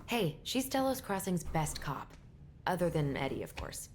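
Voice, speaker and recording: A haunted young sister speaks softly in a very low voice, subdued and hesitant. Her game dialogue carries a clear layer of background noise. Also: very animated, normal speed. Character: young adult woman, quiet, haunted twin sister.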